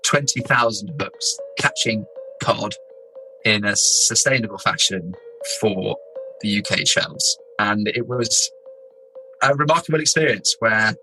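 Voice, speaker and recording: A young man from England, an explorer, telling his own story in a casual, animated way, laughing as he goes. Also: on the low side, faint music behind, low-quality recording. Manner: animated, laughing, doing quick impressions of people.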